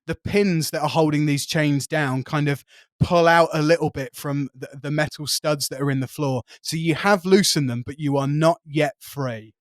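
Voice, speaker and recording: Lively English game master, dry close sound. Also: male voice, on the high side, normal speed, no echo. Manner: lively, laughs often, descriptive. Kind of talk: narrating a tabletop game.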